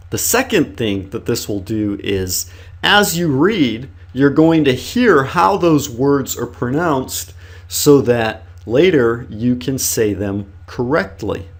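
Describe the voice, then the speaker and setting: A male English teacher speaks at a notably slow, unhurried pace, setting out each study step for learners. His voice sits at an ordinary middle pitch, and his manner is deliberate and encouraging. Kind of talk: instructional video lesson.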